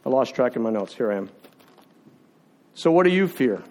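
A man's voice: medium pitch, sing-song, normal speed, a little mellow. A man preaching a sermon in an impassioned, confessional way, building through repeated phrases.

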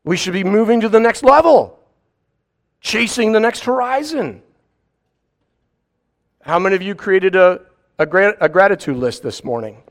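A man preaching a sermon in an animated way, acting out mock voices and firing rhetorical questions. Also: high voice, normal speed, pauses often.

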